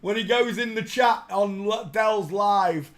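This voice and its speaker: Rambling, mocking man with a higher voice. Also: a little slow. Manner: rambling, mocking, bursts into laughter. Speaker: live stream host. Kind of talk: casual live-stream commentary.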